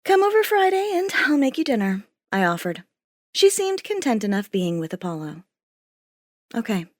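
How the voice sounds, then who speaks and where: Brief: woman audiobook narrator, wry and expressive, lively pitch, dry close sound. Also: no room sound. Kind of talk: first-person audiobook narration.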